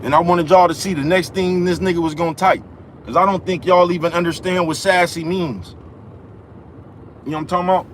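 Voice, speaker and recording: A young man hosts a livestream from outside, his voice sitting a little high. He rants in a loose, profane, repetitive way, constantly asking if you follow him. Faint traffic hums behind him. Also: fairly even intonation, brisk. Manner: profane, repetitive, keeps asking "you know what I'm talking about". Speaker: livestream host. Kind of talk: ranting live-stream monologue. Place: outdoors in the cold, near traffic.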